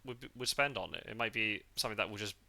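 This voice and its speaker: A man from the UK hosting a podcast in a relaxed, rambling chat, full of fillers and restarts. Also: lowish voice, fast talker, creaky. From United Kingdom. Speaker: podcast host. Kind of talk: casual chat. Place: parked car.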